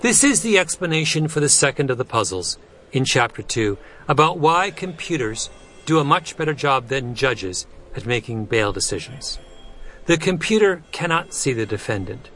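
A man reading a nonfiction audiobook in a measured way, letting his pitch fall low at the end of phrases. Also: big pitch swings, fairly bright tone, slight background noise. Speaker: narrator. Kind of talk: scripted nonfiction audiobook narration.

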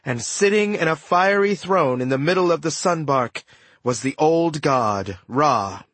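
A man giving expressive first-person audiobook narration in a close studio recording. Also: fairly high pitch, a little slow, no echo. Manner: animated, expressive storytelling.

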